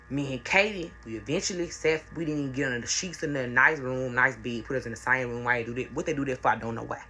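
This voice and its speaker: Young adult woman, bright forceful tone, casual repetitive vlog storytelling. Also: extremely low pitch, a little hiss or hum. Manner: repetitive, conversational, slangy. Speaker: storyteller vlogger.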